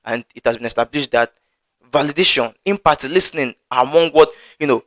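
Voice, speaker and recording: A man's voice: medium pitch, fairly quick, fairly bright tone, no echo, rough recording. A man giving an earnest Bible teaching, often stammering and repeating his words as he works through his points. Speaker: preacher.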